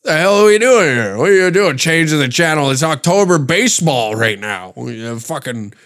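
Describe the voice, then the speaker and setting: A man voicing a rowdy, profane uncle who yells about his sports bets. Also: fairly high pitch, animated, normal speed, voice pushed up. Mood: ranting. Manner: shouting, profane, demanding. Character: loud rowdy uncle, gambler yelling over sports.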